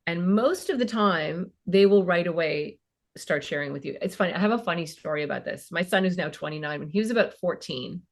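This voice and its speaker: A woman's voice: on the low side, lively intonation, brisk. A woman in her fifties, a child and family therapist, talking casually as a podcast guest and acting out bits of parent and teen dialogue.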